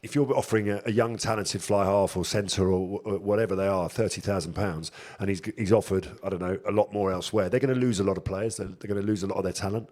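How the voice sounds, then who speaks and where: A man co-hosting a podcast, asking quick-fire questions in a relaxed, jokey way. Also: low-pitched. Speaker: podcast co-host. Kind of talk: casual quick-fire interview chat.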